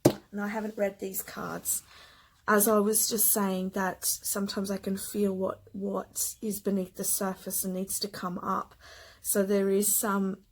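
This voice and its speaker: Slow, husky-voiced woman reading cards. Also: medium pitch, monotone, rough recording. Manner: gentle, emotional, slow with soft whispered asides. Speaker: tarot card reader. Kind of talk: spiritual card reading.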